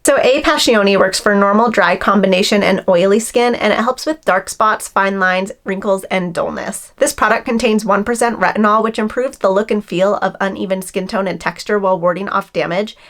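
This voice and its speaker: A woman in her twenties chatting excitedly as she unboxes and reviews skincare products, gushing and thankful. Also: mid-range voice, a little fast, hardly any pauses. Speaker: beauty vlogger.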